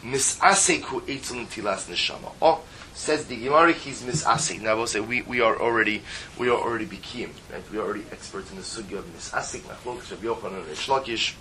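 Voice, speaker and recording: Bright-voiced man teaching a Talmud class. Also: on the low side, fast talker, a little hiss or hum, poor audio. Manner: explaining with rhetorical questions, mixing Aramaic terms into English.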